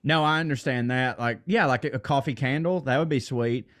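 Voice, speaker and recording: A man co-hosting a podcast. He talks in loose, rambling, profane banter, laughs often and gets worked up, and says he is a little high. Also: brisk, fairly bright tone. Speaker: podcast co-host.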